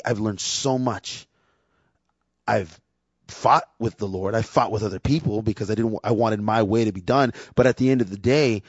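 A man's voice: mid-range voice, no room sound. A man preaching a sermon in a candid, conversational way, acting out little quotes as he goes. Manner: conversational, candid, acts out quotes in lively voices. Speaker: preacher and worship leader. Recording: dull, dry lo-fi sound.

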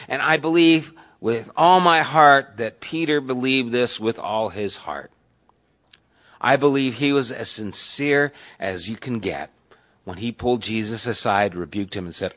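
A man's voice: medium pitch, measured pace, fairly bright tone. Conversational male Bible study teacher. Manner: conversational, asks the class questions.

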